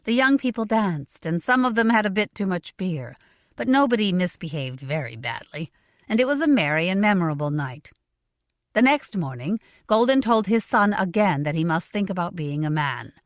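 A woman reads a fantasy novel aloud with smooth, expressive storytelling. Her pitch rises and falls in a lively way, and the recording is close and dry with no room sound. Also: normal speed, dry recording. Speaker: audiobook narrator. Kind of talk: scripted fantasy narration.

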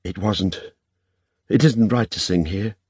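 Man softly voicing a wary young woman. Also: on the low side, slow pace, husky, dry recording, studio quality. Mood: hushed. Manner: soft, reluctant, hushed.

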